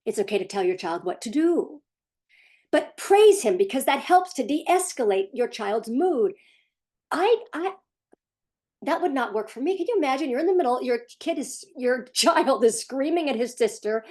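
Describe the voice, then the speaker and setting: A woman parent coach talking casually to the camera in a sarcastic, animated way, sometimes laughing as she speaks. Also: high-pitched, moderate pace. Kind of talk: casual vlog commentary.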